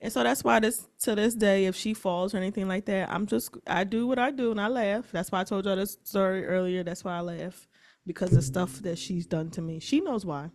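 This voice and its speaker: A woman's voice: medium pitch, fairly even intonation, a little fast, a little mellow. A woman in her twenties co-hosting a podcast, telling a story in a wry, mock-offended way. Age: 20s. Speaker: podcast co-host. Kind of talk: casual chat.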